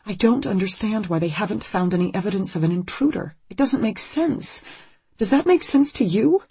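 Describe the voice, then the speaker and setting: A woman's voice: lively intonation, normal speed, warm tone, breathy edge, no room sound. A woman voicing a frantic, panicked young mother. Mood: anxious. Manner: rising to near-hysterical pitch.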